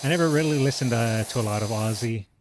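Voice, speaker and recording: Guy streaming a game, just rambling w lots of uhs, loud hiss in the background. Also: medium pitch. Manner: rambling, chatty, frequent filler pauses. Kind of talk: casual gameplay commentary.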